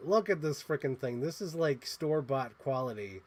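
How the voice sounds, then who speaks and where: Excitable man with a lively voice. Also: medium pitch, moderate pace, hardly any pauses. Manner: excitable, chatty, gushing. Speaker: host. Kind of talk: casual toy unboxing chat.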